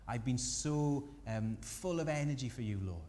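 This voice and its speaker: Man preaching a sermon, earnest and gentle, mellow voice, echoey church hall w/ a faint rumble. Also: expressive, moderate pace. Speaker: pastor.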